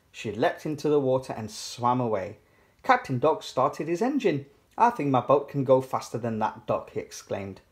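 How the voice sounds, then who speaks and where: Man reading a kids' picture book. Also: medium pitch. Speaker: storybook reader. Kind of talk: children's picture book read aloud.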